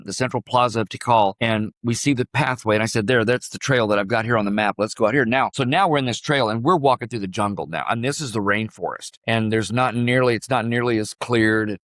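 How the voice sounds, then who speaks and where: An older man from Illinois, a podcast guest telling a story in an unhurried way and acting out the lines of the people in it. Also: mid-range voice, a bit bright, dry recording, clean studio sound. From Illinois, USA. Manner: vivid, unhurried storyteller who acts out quoted dialogue. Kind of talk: storytelling in a conversation.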